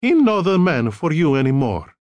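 A man's voice: on the high side, sing-song, normal speed, a little mellow, no echo, highs cut off, pitched above the performer's own voice. A man voicing a stout, bossy older Italian mother with a heavy accent and broken English, emphatic and scolding, in an audiobook reading. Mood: firm. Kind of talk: audiobook narration.

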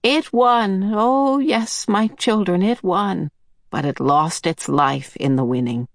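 A woman voicing a gentle, sorrowful ancient female star being who speaks softly and falters. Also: mid-range voice, slow, no echo, clean studio sound. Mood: sad. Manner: soft, sad, faltering.

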